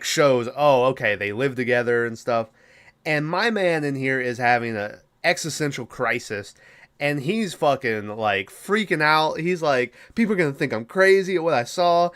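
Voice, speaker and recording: A podcast host casually recapping a film, swearing a lot and rambling. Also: male voice, mid-range voice, fairly bright tone, clear, resonant tone. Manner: profane, rambling, laughing.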